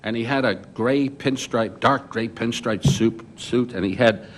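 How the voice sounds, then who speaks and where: An older man on a journalists' panel, recounting his reporting memories as an animated storyteller who often restarts his sentences. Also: medium pitch, a little slow, slight background noise. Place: conference hall.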